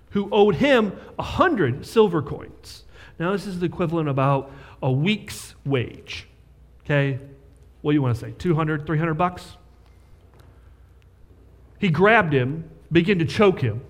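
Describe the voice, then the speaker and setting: A man's voice: sits high, big-room sound. A man preaching a sermon as pastor, talking conversationally and checking in with rhetorical questions.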